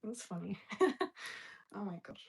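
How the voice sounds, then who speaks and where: A young woman hosts a relaxed live stream, talking straight to her viewers. She giggles often and rambles, stopping and restarting her thoughts mid-sentence. Her pitch sits in an ordinary middle range. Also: unhurried, gravelly, husky, poor audio. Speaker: livestream host. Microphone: phone or webcam on a live stream.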